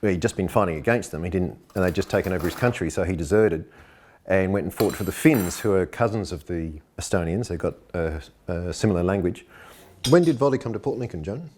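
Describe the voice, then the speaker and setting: A man's voice: low voice, animated, fairly quick, a little mellow, slight background noise. A man conducting a documentary interview, chatty and explaining at length.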